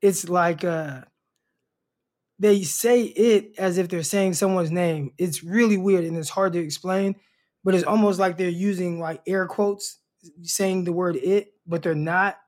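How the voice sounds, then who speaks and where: A man's voice: high voice, steady tone, measured pace, a little mellow. A man co-hosting a casual sports podcast, laid-back and stammering, often repeating his first words. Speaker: podcast co-host.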